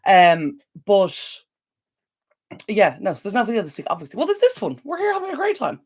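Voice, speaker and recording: A woman's voice: mid-range voice, wildly swooping pitch, brisk, a little mellow, breathy edge. An Irish woman hosting a decluttering channel, chatting casually on a live stream, rambling and answering viewers' comments with sympathy. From Ireland.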